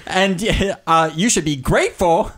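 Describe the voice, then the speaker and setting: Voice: mid-range voice, a little slow, a bit bright. A podcast co-host in casual movie chat, teasing and playing devil's advocate.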